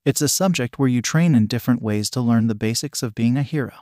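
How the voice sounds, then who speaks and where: A man reading the lines of a loud, cheerful adult hero teacher in a fan fiction story, in an upbeat, exclaiming way. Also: medium pitch, quick pace, dry recording, clean studio sound, lightly acted.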